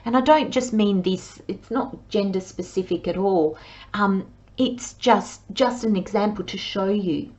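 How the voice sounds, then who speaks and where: A woman's voice: mid-range voice, unhurried, darkish tone, dull audio. A woman giving a chatty tarot reading. She talks through her thoughts with plenty of fillers and acts out worried inner voices. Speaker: tarot reader. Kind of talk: monthly tarot reading monologue.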